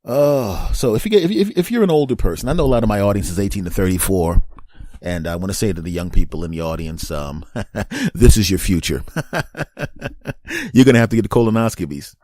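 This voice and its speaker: A man's voice: on the low side, very animated, fairly quick, a little mellow, no room sound, clean studio sound. A middle-aged man hosting a solo comedy podcast, rambling and self-mocking, with an exasperated edge. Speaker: podcast host.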